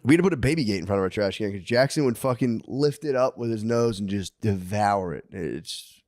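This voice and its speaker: A man co-hosting a podcast in a lively, joking way, laughing often and calling everyone dude. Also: fairly low pitch, brisk, dry recording, studio quality. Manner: laughs often, animated, says dude a lot. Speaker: podcast co-host. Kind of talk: casual crude banter.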